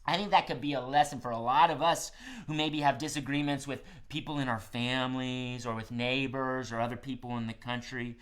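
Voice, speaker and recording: A man hosting a live-streamed children's show, talking gently to kids with many "um"s and "okay?"s. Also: medium pitch, fairly even intonation, a little fast. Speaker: children's entertainer host.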